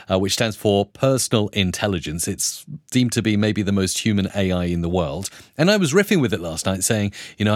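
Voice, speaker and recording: Enthusiastic male podcast host, mid pitch, very expressive intonation. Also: brisk, no echo, clean studio sound. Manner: lively, enthusiastic storyteller. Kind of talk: casual podcast discussion.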